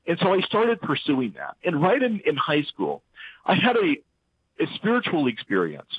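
A man's voice: on the high side, husky, no room sound. Man on a tinny line. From central Louisiana. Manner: animated, halting with restarts and fillers. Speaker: interview guest. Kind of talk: casual faith interview. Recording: tinny phone-like line, dry.

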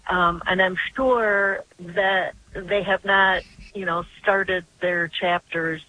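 A woman's voice: on the low side, fairly even intonation, slow pace, pushed and bright, poor audio. An older woman calling in to a radio show by phone, telling a long story in an earnest, rambling way. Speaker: caller.

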